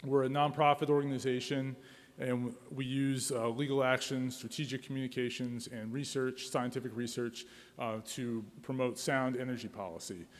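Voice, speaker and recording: Man, middle-aged, conference talk, halting with fillers, long hall reverb. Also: medium pitch, steady tone. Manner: hesitant, many fillers and restarts. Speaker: conference speaker, attorney.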